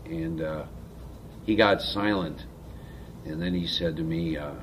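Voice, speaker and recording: A man speaking earnestly to a recovery group about his own spiritual experience, pausing often with fillers. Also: extremely low pitch, a little hiss or hum. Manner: earnest, halting with frequent fillers. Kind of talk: personal testimony to a group.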